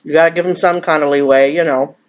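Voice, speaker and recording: A woman's voice: low voice, fairly even intonation, quick pace, highs cut off. A woman, chatting casually and emotionally in a rambling, confiding vlog while eating. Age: 50s. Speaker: vlogger.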